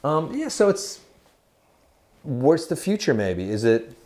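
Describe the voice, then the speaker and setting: A man's voice: on the high side, big pitch swings, takes it slowly, a little mellow. A man in his forties co-hosting a casual music chat, giggly and rambling, full of fillers and restarts. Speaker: podcast co-host.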